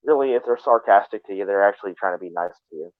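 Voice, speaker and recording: Swearing and restarting constantly, a low-voiced man rambles through casual live-stream chatter at a quick pace. The recording is dry, thin, and phone-like, with no room sound at all.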